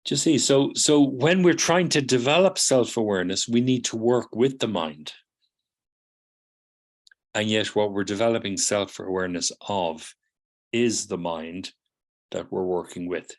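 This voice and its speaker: With a lowish voice and a measured pace, a middle-aged man patiently lectures psychotherapy students. He acts out their replies in quoted voices and often checks in by asking "do you see?".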